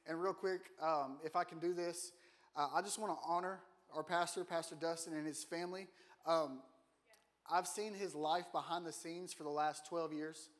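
A man's voice: fairly high pitch, fairly even intonation, normal speed. A man giving a casual, joking sermon in a church, often putting questions to the congregation. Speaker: guest preacher. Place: church auditorium.

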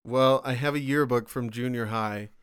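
A man's voice: mid-range voice, fairly even intonation, normal speed, clean tone. A man hosting a podcast in casual chat, who laughs often and lets his sentences trail off. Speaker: podcast host.

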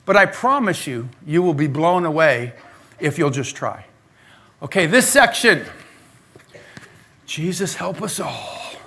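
A male pastor preaching a lively sermon in a church, talking straight to the congregation. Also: on the high side, takes it slowly, creaky, long pauses. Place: church sanctuary.

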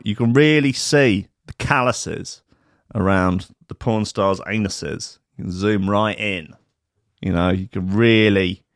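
A man hosts a radio show in a loose, rambling monologue full of crude jokes and stammered restarts. His voice is fairly low, and the recording is dry with no room echo. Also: creaky. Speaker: radio host.

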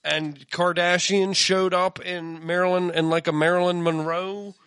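A man with a bright, slightly high voice trades sarcastic banter on a podcast. He teases and laughs easily. The mic is close and dry. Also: little pitch movement, measured pace, smooth, no room sound. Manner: sarcastic, joking, laughs often. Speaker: podcast co-host.

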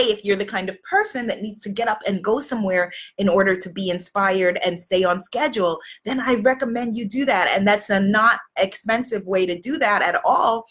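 A woman's voice: mid-range voice, fairly bright tone, slightly rough. A woman business coach chatting casually to her audience, rambling with many fillers and restarts.

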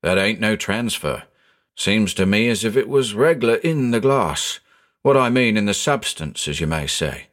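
Guy doing a rambly working-class tram conductor, lively up and down voice. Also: lowish voice, normal speed. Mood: explaining. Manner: rambling, dialect-heavy storytelling.

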